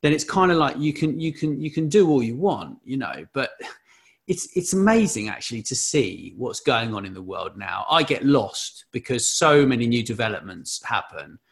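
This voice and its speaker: A man hosts a casual business chat, animatedly telling an anecdote with many restarts and repeated words. His voice is medium-pitched and creaky, at a moderate pace.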